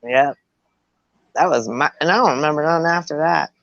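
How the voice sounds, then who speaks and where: A middle-aged woman with a fairly low voice tells an animated, profane story in casual chat, laughing as she goes. The recording is dry and close, with a slightly dull, lo-fi sound. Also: a little fast, no room sound.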